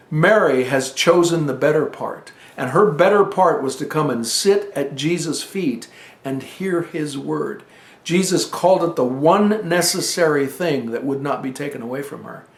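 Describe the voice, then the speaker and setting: A man preaching a teaching sermon, telling a scripture story in an earnest, unhurried way with pauses. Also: on the high side, echoey room.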